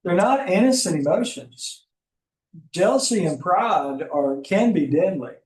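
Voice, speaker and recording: A man's voice: high-pitched, lively intonation, unhurried. Alabama man teaching in an echoey room. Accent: Southern US, Alabama. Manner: folksy, conversational teaching with asides and chuckles. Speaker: Bible teacher. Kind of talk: Bible class lecture. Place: classroom. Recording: roomy classroom audio from a distant mic.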